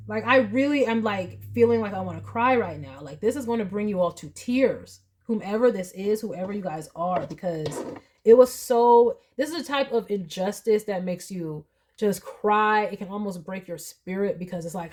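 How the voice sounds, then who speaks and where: A woman's voice: medium pitch, expressive, moderate pace, darkish tone. A woman giving a tarot reading to her viewers, talking emphatically and emotionally, acting out quoted voices. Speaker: tarot reader.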